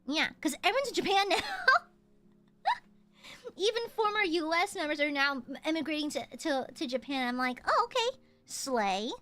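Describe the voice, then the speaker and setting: A young American woman with a subtle Southern accent streams and reads donations, chatty and playful with pouty teasing. Her voice sits high at normal speed, a bit bright, over soft background music.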